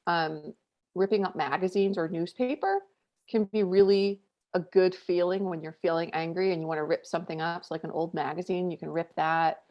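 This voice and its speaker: A woman in her thirties chats on a podcast, candid and animated, her talk full of casual fillers. Her voice sits a little low. The audio is dull and lo-fi. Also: normal speed. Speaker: podcast co-host.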